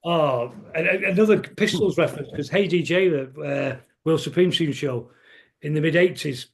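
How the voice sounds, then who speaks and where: A man's voice: a little high, moderate pace, creaky. A middle-aged man with a Manchester accent, a musician guest telling rambling stories in casual conversation. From England. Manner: rambling, anecdotal, restarts often.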